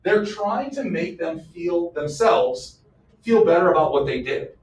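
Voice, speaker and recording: Animated male teacher in an echoey classroom. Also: a little high, measured pace. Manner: animated, joking, fires off questions. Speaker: history teacher. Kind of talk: classroom lecture with questions to students. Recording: echoey classroom, mic far off.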